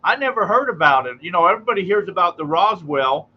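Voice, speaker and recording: A man's voice: sits high, animated, quick pace, husky, dull audio. A man hosting a radio talk show, easygoing and hesitant, often repeating words. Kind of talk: casual chat.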